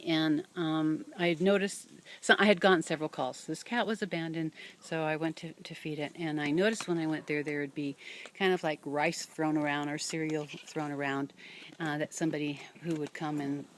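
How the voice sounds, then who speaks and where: An older woman with a slightly low voice tells a personal story at her own pace. She is reflective and hesitant, filling pauses with ums and restarting her sentences as she thinks aloud. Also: fairly even intonation, a little hiss or hum. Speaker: vlogger and cat rescuer.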